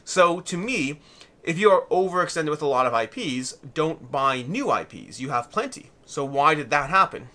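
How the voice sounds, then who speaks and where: Man, live-stream host, slightly out of breath, rambling, lively pitch, fairly high voice. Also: normal speed. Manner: rambling, thinking aloud with restarts. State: a little out of breath. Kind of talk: live-stream chat reading viewer comments.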